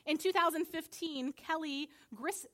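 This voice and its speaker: A woman pastor preaching a sermon, telling a story earnestly and building to emphatic high points. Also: unhurried, pushed and bright.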